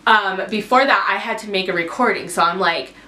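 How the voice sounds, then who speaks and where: A woman's voice: mid-range voice, fairly quick, pushed and bright. A young adult woman vlogger telling a casual storytime, rambling and emotional, with lots of "like". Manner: rambling, emotional retelling full of "like". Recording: echoey room with faint noise.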